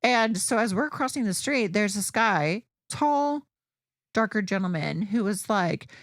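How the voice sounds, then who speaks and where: A woman's voice: mid-range voice, expressive, measured pace, dry recording, studio quality. A woman co-hosting a podcast, telling a story in casual chat, blunt and profane. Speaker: podcast co-host.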